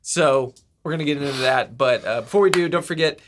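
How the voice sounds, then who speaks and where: A man in his thirties with a stuffy nose, co-hosting a guitar shop livestream in a relaxed, rambling way. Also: fairly high pitch, fairly quick, a little hiss or hum. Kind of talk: casual chat.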